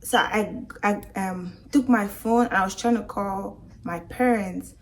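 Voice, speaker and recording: A young woman tells her own story straight to her viewers as a storytime testimony. She is shaken and emotional, her pitch sitting in a middle range. She slips into other people's voices as she recounts what they said. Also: a little slow, slight background noise. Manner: emotional retelling, acting out quoted voices. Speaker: vlogger.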